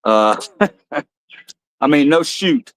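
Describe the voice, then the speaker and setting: A man hosting a casual livestream, rambling, blunt and quick to swear. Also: fairly high pitch, a bit bright, no room sound. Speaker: livestream host.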